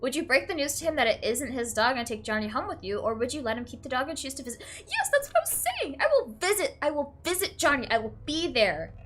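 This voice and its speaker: A young streamer with a high voice talks fast with hardly any pauses, reading a game's questions aloud. She reacts with feeling, sometimes teary, swinging from flat to crying and laughing, and says "like" and "literally" a lot.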